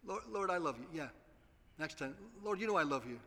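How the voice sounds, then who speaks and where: A man's voice: a little high, lively intonation, a little fast, sharp tone. A man preaching a sermon, earnestly appealing to his congregation. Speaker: pastor. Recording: long hall reverb.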